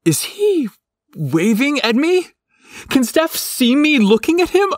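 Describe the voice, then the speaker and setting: A man voicing a shy, flustered young man who exclaims in a high, breathless rush. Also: very animated, unhurried, husky, no echo, studio quality, exaggerated voice.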